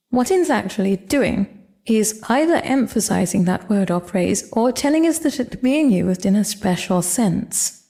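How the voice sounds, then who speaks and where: Gravelly woman explaining a lesson. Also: mid-range voice, dark tone. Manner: clear, measured explaining with examples. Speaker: language teacher.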